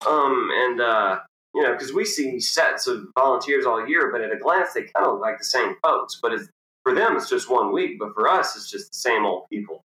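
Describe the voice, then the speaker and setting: A young professional golfer, appearing as a guest in a relaxed interview, tells a golf story in a bright, forceful voice at a moderate pace. He jumps up in pitch to act out the people in the tale. The room is spacious and echoey.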